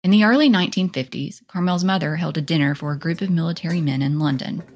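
Deep-voiced woman podcast co-host. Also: fast, a little hiss or hum. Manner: relaxed, thinking aloud with fillers. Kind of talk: true-crime narration and casual chat.

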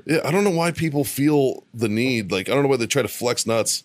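A man's voice: mid-range voice, a little fast, dry recording. A man co-hosting a veterans' podcast, telling a bar story in casual chat, swearing often and laughing through it. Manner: profane, laughing, animated storyteller. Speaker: podcast co-host.

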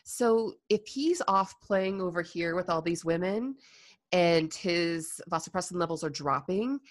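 A woman's voice: lowish voice, animated, a little slow. A woman hosting a podcast interview, reacting with enthusiastic exclamations and asking follow-up questions. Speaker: podcast host. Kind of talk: conversational interview.

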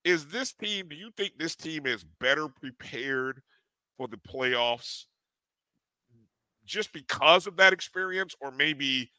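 A middle-aged man co-hosts a sports podcast in an easygoing way, stumbling over his words before his questions. His tone is very bright and forceful, and the sound is completely dry. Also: on the high side, lively intonation, takes it slowly, no echo, low-quality recording. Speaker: podcast co-host.

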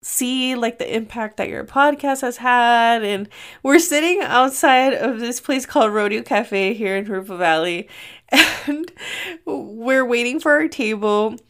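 A woman's voice: on the high side, unhurried. A young adult woman hosting a casual solo podcast from her room, telling stories in a chatty way and often laughing. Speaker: podcast host.

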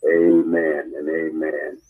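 A man hosting and closing a church prayer call, speaking in a slow, measured pastoral manner. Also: a bass voice, little pitch movement, breathy edge, phone-quality sound. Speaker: host and minister.

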